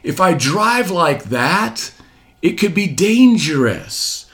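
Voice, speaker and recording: A man in his forties gives a motivational talk in a fairly high voice. He preaches, circling back to repeated phrases and firing rhetorical questions at the listener. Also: big pitch swings, slow pace, a bit bright. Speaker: motivational speaker.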